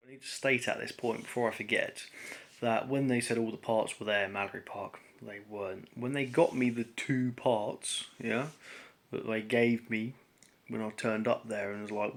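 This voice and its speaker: A man's voice: on the low side, fairly even intonation, normal speed, creaky. A man telling a long, exasperated story to camera in a rambling, casual way, full of fillers. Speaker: vlogger telling a grievance story.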